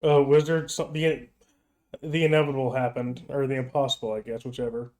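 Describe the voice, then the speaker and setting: A man's voice: mid-range voice, level tone, fairly quick, a little mellow, low-quality recording. A man casually chatting with friends while streaming a game, swearing and grumbling often. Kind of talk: casual gaming stream chat.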